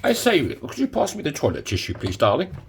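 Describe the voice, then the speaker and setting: A man's voice: fairly high pitch, huge pitch swings, brisk, creaky, a little hiss or hum, voice pushed up, full character voice. A man putting on a prim, affected upper-class voice as a joke. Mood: mock-posh. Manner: mock-genteel, plummy.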